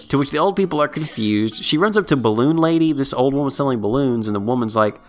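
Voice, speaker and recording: A man co-hosts a casual podcast and recaps a film with animated, swooping delivery. He jumps into squeaky put-on voices for the characters. Faint music plays underneath. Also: fast talker, few pauses. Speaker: podcast co-host. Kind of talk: casual movie recap chat.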